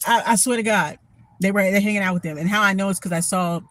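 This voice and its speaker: A woman telling a story in a casual vlog, blunt and profane, animated and quick to laugh. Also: medium pitch, dry recording. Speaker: storytime vlogger.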